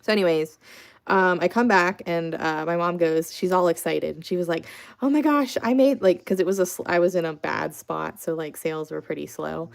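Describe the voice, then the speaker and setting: A woman's voice: fairly low pitch, level tone, a little fast, gravelly, clean tone. A young adult woman hosting a casual livestream, telling rambling, chatty stories full of "like" fillers and answering chat. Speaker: craft artist hosting a livestream.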